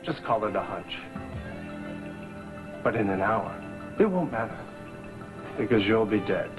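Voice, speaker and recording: An actor in a 1980s TV soap playing a smug, calm villain who threatens a woman. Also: on the low side, a little slow. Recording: muffled old TV broadcast with music.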